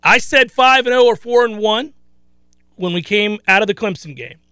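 A man hosts a sports talk radio show in a noticeably high voice. He talks casually and with excitement, often laughing and repeating himself. The sound is close and dry, straight into a studio microphone. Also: moderate pace, clean tone, dry recording.

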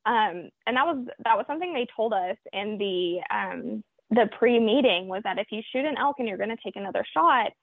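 A woman from Oklahoma, a guest telling a hunting story in an interview, reflective and halting with many fillers. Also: medium pitch, animated, vocal fry, no echo. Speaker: guest hunter. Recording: tinny phone line.

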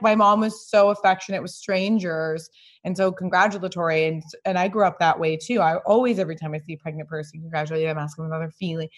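Candid, animated woman host. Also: on the low side, fast. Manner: candid, animated storyteller who acts out quotes. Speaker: podcast host. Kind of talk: casual chat.

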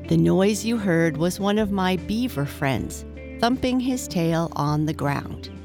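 A woman voicing an eager young male beaver who talks in a quick, excited way. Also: lowish voice, over music. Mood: earnest.

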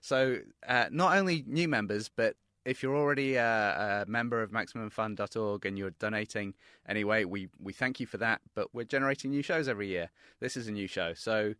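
An earnest British man in a producer's role, explaining things with halting restarts. His voice sits low but has a bright, clear edge. The sound is close and dry. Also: no room sound. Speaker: podcast producer. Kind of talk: explaining a fundraising drive.

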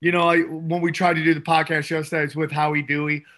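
A man co-hosting a comedy podcast in casual chat, excitable with loud laughing bursts. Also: fairly high pitch, fast talker. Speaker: podcast co-host.

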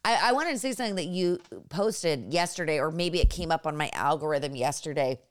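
A woman in her thirties tells stories in casual chat, acting out what people said and swearing freely. Her voice sits a little low and sounds smooth and clear. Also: a little fast. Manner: animated storyteller, acts out quotes, swears casually.

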